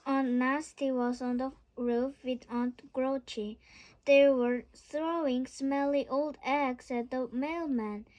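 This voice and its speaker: A woman's voice: high voice, fairly even intonation, slow pace, darkish tone. A woman reading a children's storybook aloud, careful and repeating words after slips. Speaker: storybook reader. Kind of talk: children's book read-aloud.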